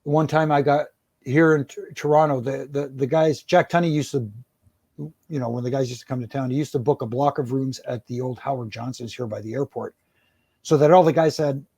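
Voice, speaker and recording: A man's voice: medium pitch, steady tone, a little fast, a little mellow, slightly rough, no room sound. A middle-aged man, a former wrestling referee, tells rambling stories in an interview, restarting his sentences and chuckling. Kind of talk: storytelling in an interview.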